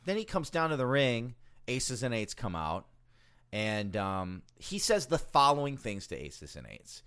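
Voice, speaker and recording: A man's voice: medium pitch, very animated, unhurried, fairly bright tone, clear, resonant tone. A man co-hosting a casual podcast, laughing often and retelling what someone said in a mock voice. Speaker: podcast co-host. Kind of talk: casual chat.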